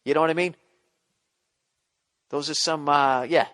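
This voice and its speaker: Profane, self-mocking Boston comedian. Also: male voice, fairly high pitch, a little slow, long pauses. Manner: profane, self-mocking, bursts into frustrated yelling. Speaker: comedian podcast host. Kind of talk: casual comedic advice rant.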